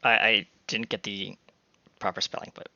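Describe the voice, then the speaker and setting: A man's voice: on the low side, level tone, a little slow, vocal fry, sharp tone, no echo, dull audio. A man playing a tabletop game on a headset from his bedroom, rambling and self-deprecating with hesitant fillers. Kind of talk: casual chat with in-character narration. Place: home bedroom.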